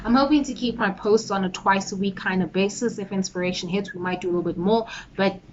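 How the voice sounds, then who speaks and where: A woman's voice: medium pitch, fast, lo-fi sound, a little hiss or hum. A woman chatting casually in a get-ready-with-me vlog, giggly and playfully hyping herself up. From South Africa. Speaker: YouTuber.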